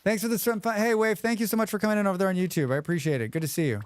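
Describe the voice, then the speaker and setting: A man's voice: high-pitched, rapid-fire, smooth, no echo. A man livestreaming a game, chatting casually with viewers, humming and thanking them as he plays. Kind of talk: casual livestream chat while gaming.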